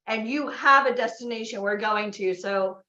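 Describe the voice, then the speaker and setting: A woman hosting a live event, giving an animated motivational talk and asking the audience questions. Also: a little high, moderate pace. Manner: animated, exclaiming, asks the crowd questions. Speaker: event host. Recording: echoey, dull livestream audio.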